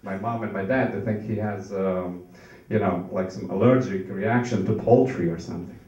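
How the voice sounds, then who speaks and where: A young man from Norway doing a stand-up set in a comedy club, nervous and halting with lots of fillers. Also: sits low, steady tone, warm tone, dull audio. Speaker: stand-up comic. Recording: echoey club, mic heard from far. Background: audience laughter.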